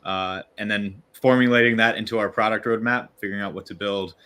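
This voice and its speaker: Bright-voiced man, low pitch, hesitant. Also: steady tone, fairly quick, smooth. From Virginia. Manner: hesitant, many fillers and restarts. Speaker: growth lead guest. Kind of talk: casual livestream interview.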